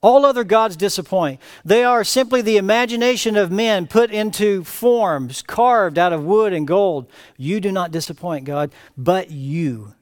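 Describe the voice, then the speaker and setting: A man preaching a verse-by-verse sermon as pastor, reading scripture aloud with rising emphatic cries and then dropping to quiet asides. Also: sits high, measured pace, hardly any pauses. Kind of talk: expository sermon. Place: church sanctuary.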